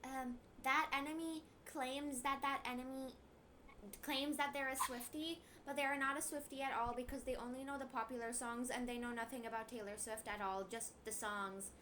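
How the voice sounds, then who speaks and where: A woman's voice: sits high, fairly even intonation, normal speed, noisy background. A young woman interjecting off camera with chatty, rambling asides. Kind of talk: casual chat.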